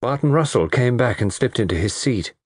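A man's voice: a little fast, slightly rough, no echo, clean studio sound. A man reading a detective story aloud as an audiobook narrator, acting out the dialogue. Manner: reads in low, lively voice, acting out dialogue. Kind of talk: scripted narration.

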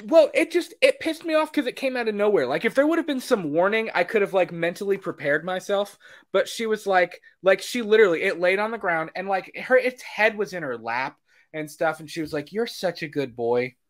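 A young man co-hosting a casual chat show, animated, swearing, acting out his own reactions. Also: sits high, fairly quick. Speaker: podcast co-host.

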